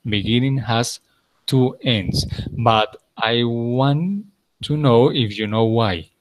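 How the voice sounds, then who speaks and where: Speaking slowly in a mid-range voice, with slight hiss or hum on the recording, a Colombian man whose first language is Spanish patiently walks through English grammar step by step in an online lesson, dropping into Spanish to clarify points.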